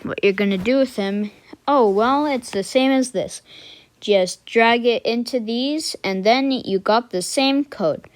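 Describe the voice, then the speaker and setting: A woman walking through a coding tutorial in a casual way, thinking aloud with fillers and self-corrections and muttering quiet asides to herself as she works at her computer. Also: fairly high pitch, a little slow, no echo. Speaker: tutorial maker.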